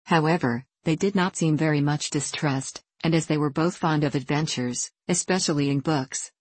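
A woman narrating a children's story for an audiobook, in a measured storytelling manner. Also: deep voice, a little mellow, no room sound.

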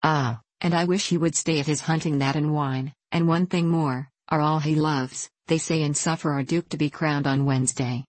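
A woman's voice: deep voice, fairly even intonation, moderate pace, few pauses, no echo. Woman reading as a stubborn garrulous old innkeeper. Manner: outspoken and scolding.

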